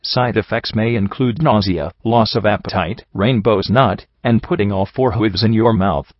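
A man's voice: on the low side, moderate pace, dry recording, lo-fi sound, natural voice. A man voicing a sardonic young male pony soldier with a cold, who makes crude jokes and grumbles. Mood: teasing. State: stuffy nose from a cold.

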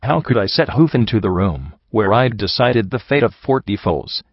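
Man audiobook narrator, low voice, steady, dry dull lo-fi recording. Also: moderate pace, husky, no echo. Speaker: audiobook reader. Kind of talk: first-person story narration.

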